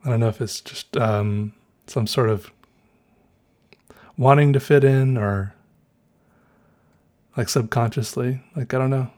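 A man's voice: mid-range voice, fairly even intonation, unhurried, long pauses, darkish tone. A man with a Southern US accent talking to his viewers in a casual, meandering way, correcting himself and musing aloud. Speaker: vlogger. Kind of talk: casual rambling monologue.

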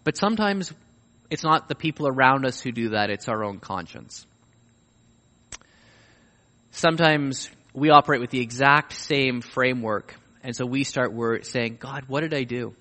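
A man preaching a sermon, swinging between hushed, reflective passages and emphatic, rising appeals. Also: mid-range voice, animated, a little slow, in a large hall. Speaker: pastor.

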